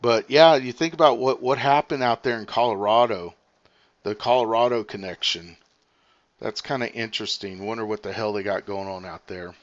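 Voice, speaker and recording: A man hosting his own livestream and chatting casually. He rambles and thinks out loud with lots of fillers, talking fast as he reads comments. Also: lowish voice, highs cut off. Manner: talks fast while reading comments. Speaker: livestream host.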